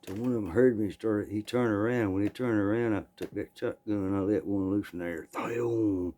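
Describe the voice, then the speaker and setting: Guy spinning a true yarn, folksy, mellow dark voice. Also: on the low side, steady tone, brisk. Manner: plainspoken, folksy, clears throat often. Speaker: storyteller. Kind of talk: telling a true story.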